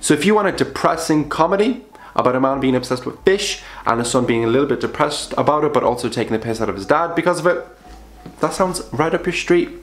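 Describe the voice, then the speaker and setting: A young man chatting casually about films he watched, bluntly and with sudden jumps up in pitch for emphasis. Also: lively intonation, quick pace. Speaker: film vlogger. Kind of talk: casual film review vlog. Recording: roomy echo.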